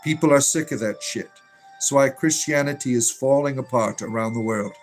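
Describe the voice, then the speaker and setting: Over faint background music, a man with a mid-range voice hosts a casual livestream at normal speed. He reads chat aloud and rambles in an irreverent, profane way full of fillers, sometimes drifting away from the mic.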